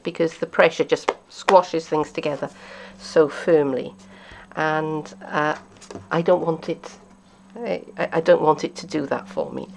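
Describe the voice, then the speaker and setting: A lowish-voiced craft demonstrator shows how to make cards, chatting and thinking aloud as she works. At times her voice drops to a quiet mutter.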